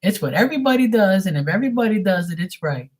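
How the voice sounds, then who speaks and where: A man putting on a high, whiny voice to mock a stubborn know-it-all woman. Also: animated, fast talker, darkish tone. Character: mocking know-it-all woman, stubborn, insists she is right.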